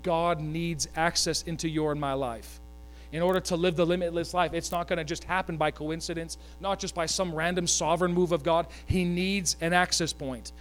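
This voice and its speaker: A man preaching a sermon, animated, with joking asides, asking the congregation to repeat lines after him. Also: a little high, moderate pace. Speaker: pastor.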